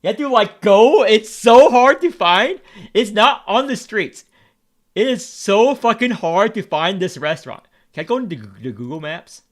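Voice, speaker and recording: A man's voice: sits high, animated, moderate pace. A Vietnamese American man streaming, rambling in casual chat, repeating words and swearing freely as he talks. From United States.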